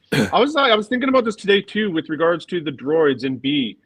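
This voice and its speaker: A man co-hosting a fan podcast in casual chat, thinking aloud with many pauses and trailing sentences. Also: a little high, sing-song, a bit bright, husky, no echo. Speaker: podcast co-host.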